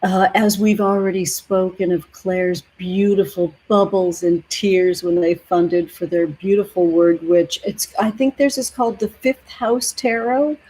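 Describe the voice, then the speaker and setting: A woman hosting a tarot livestream, chatting warmly with viewers from home, gentle and emotional, calling everyone honey and sweetheart. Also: mid-range voice, steady tone, unhurried, few pauses, slightly rough, low-quality recording. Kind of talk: casual livestream chat with viewers. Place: home near the ocean.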